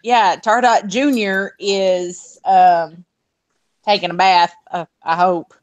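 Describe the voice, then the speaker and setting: A woman's voice: medium pitch, steady tone, slow pace, no room sound, muffled recording. A woman from Texas with a Texan accent, chatting brashly and playfully as a guest on a livestream. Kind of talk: casual chat.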